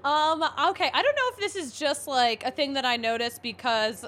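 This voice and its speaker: High, lively teasing woman host. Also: normal speed. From Philadelphia area. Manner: teasing, laughs often. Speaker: podcast host. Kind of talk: casual podcast interview.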